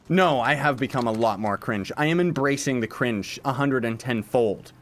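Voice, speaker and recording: Streaming his gameplay, this man reacts aloud to his chat and pokes fun at himself. His voice is mid-range and slightly bright, delivered at an ordinary pace.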